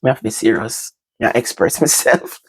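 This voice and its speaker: An older woman with a Jamaican accent, telling stories from her own life to her vlog audience in casual, animated talk that moves between patois and standard English. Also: very deep voice, fairly quick, husky, no echo. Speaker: vlogger. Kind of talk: casual storytelling to camera.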